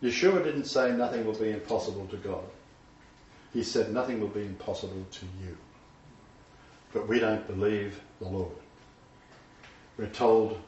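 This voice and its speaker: A man with a fairly low, slightly mellow voice preaches to a small congregation at a moderate pace, leaving long pauses and speaking emphatically, his voice rising when he quotes God and scripture. The recording is dull and distant, with roomy echo and a little hiss or hum.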